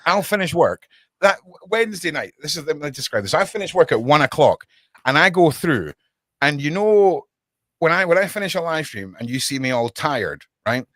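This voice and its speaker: A man's voice: on the high side, very animated, normal speed, a bit bright, dry recording, studio quality. A man hosting a casual livestream podcast from his home desk, rambling and chatting with viewers by name.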